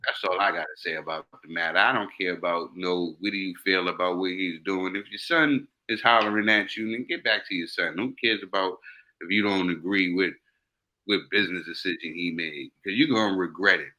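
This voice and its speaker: A man's voice: low-pitched, fairly quick, pushed and bright, low-quality recording. A man co-hosting a casual podcast, giving earnest, repetitive, preachy advice. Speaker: co-host.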